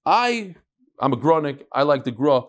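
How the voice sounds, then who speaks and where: A man with a fairly high speaking voice leads an informal Talmud class in a room with listeners. He drifts from the text into asides and wisecracks, dropping Hebrew and Yiddish terms into his English as he goes. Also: big pitch swings, normal speed. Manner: digressive and joking, mixing in Hebrew and Yiddish terms. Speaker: rabbi teaching a class. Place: classroom with a live audience.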